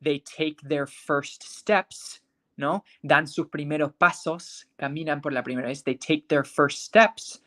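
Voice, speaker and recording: Calling on students by name and often checking that they're following, an English teacher conducts a live online class and says example words slowly and carefully. Their voice is medium in pitch, steady, and fairly bright.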